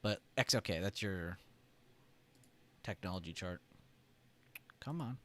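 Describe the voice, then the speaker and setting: A man hosting a trading livestream, talking loosely with lots of "like" and "right?", and clearing his irritated throat often. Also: low voice, expressive, takes it slowly, slight background noise. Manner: loose and chatty, heavy on "like" and "right?". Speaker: trading stream host. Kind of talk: casual livestream explanation.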